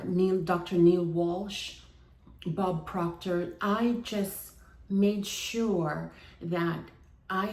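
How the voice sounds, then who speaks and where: A woman speaks slowly and earnestly, a little low in pitch, in a personal confessional vlog. She leans on repeated phrases for emphasis, and her voice rings in an echoey room. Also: creaky, a little mellow. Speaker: fitness vlogger.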